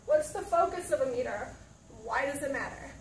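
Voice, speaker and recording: A woman teaches a classroom lesson in a high voice, stopping often to ask her students questions. She is picked up from across the room, so her voice sounds roomy and distant. A faint hum of the room sits underneath. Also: very animated, normal speed. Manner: checks in with students, asks questions.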